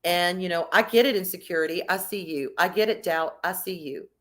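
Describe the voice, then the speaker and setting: Candid, expressive woman streamer. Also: lowish voice, brisk. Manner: candid and expressive, swears freely, emphatic. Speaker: streamer reading chat. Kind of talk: casual livestream chat.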